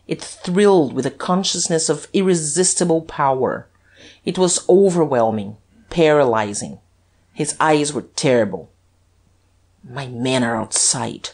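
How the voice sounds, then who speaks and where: Low, slow-reading woman narrator. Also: a little mellow. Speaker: audiobook narrator. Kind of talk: scripted narration.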